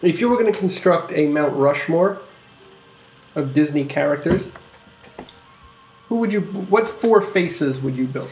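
Host type, animated pitch, teasing, chatty, heard in an echoey room. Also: measured pace, pauses often, faint music behind. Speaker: podcast host asking questions. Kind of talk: casual chat.

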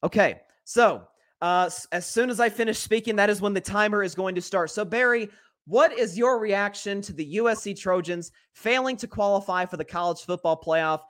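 A man with an East Tennessee accent hosting a casual sports podcast, upbeat and full of quick restarts and repeated words. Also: high-pitched, fairly bright tone. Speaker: podcast host.

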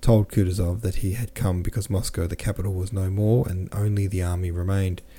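Deep mellow guy reading a classic novel, steady and unhurried, fixes the odd slip. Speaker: audiobook narrator. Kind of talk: scripted narration.

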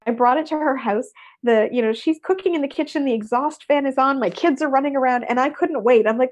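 Middle-aged woman, high bright voice, expressive storyteller, interview guest. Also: brisk, muffled recording. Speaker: interview guest, workshop speaker.

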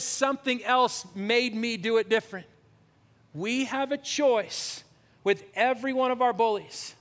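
A man preaching a sermon as a pastor, animated and shifting from loud bursts to hushed, prayerful passages. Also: very high-pitched, big-room sound.

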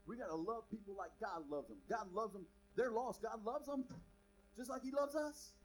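Male pastor, high voice, animated sermon delivery, faint hum under the recording. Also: normal speed, poor audio. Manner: animated, swings from soft to emphatic.

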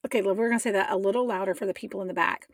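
A woman's voice: mid-range voice, steady tone, rapid-fire, dry recording, studio quality. A woman co-hosting a podcast in casual chat, speaking in an upbeat, emphatic way. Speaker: podcast co-host.

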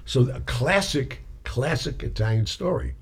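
A man's voice: mid-range voice, a little slow, slightly rough. A man, a singer, telling anecdotes in casual chat and acting out the voices of the people in them. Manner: animated storyteller acting out quoted voices. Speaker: guest storyteller; singer, performer.

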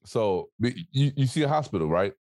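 A man's voice: mid-range voice, big pitch swings, brisk, a little mellow, no echo, clean studio sound. A man, an author guest on a podcast, talking bluntly and profanely in a motivational casual chat. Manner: blunt, profane, preachy emphasis.

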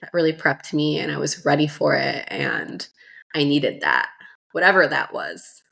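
A young woman, a mother and doula, telling her story in a relaxed way, full of fillers, as a podcast guest. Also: low voice, measured pace, vocal fry. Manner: relaxed, filler-heavy, many "like"s. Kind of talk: casual storytelling interview.

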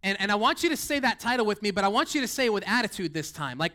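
Young male pastor, high voice, excitable sermon delivery full of restarts and "like.". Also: very fast. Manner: fired-up, rambling with many "like" and restarts. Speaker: lead pastor. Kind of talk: energetic sermon.

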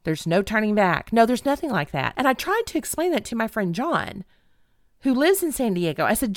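A middle-aged woman telling a funny personal story in an animated, dramatic, self-mocking way. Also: medium pitch, moderate pace, no echo, studio quality. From Texas.

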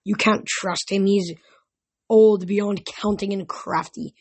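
A woman with a husky voice reading the lines of a smug, mocking male ghost king in an audiobook. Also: mid-range voice, steady tone, slow pace, darkish tone.

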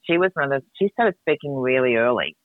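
A woman's voice: extremely low pitch, animated, quick pace, no room sound. Chatty woman on a tinny line. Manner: candid, rambling, swears freely. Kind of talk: casual chat. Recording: dry tinny phone-like sound.

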